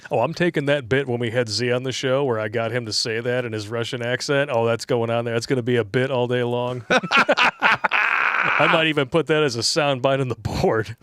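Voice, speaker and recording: A man co-hosting a casual talk show, reading donations aloud, animated and profane with frequent laughter. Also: mid-range voice, moderate pace, slight background noise. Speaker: podcast co-host.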